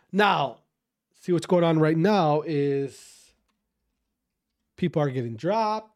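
A man ranting to his viewers about amateur esports players in a profane, fired-up way, then calmly going over the latest news. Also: on the high side, slow pace, pauses often, no room sound, studio quality. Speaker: esports commentary streamer. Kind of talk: casual rant and news rundown.

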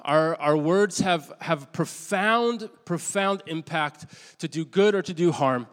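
Man preaching in a reverberant hall. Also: a little high. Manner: conversational storytelling, halting restarts, self-deprecating. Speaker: pastor. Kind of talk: sermon.

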